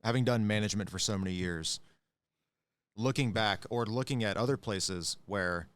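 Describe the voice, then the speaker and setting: A man's voice: fairly low pitch, moderate pace, smooth. A man who has managed bars for years, chatting casually on a podcast and explaining things at length. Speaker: podcast co-host, bar manager. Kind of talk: casual chat.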